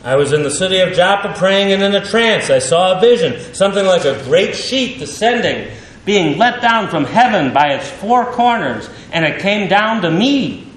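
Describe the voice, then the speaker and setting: A man preaches a sermon, teaching through a Bible passage with emphatic, animated delivery and dramatic pauses. The room is echoey, with a faint rumble.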